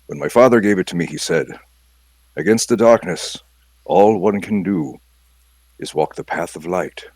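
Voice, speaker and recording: A man voicing a fastidious, calm male mystic inspector who speaks in a measured, formal way. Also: low voice, creaky, dry recording, voice pushed up. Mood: earnest. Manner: measured, formal, gently wise.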